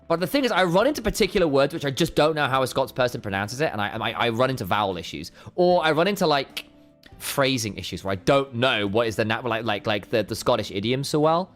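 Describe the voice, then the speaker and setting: Rambling man, lively pitch. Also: fast talker, faint music behind. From United Kingdom. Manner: rambling, self-interrupting, repeats words. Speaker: esports co-caster. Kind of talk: casual chat to stream chat.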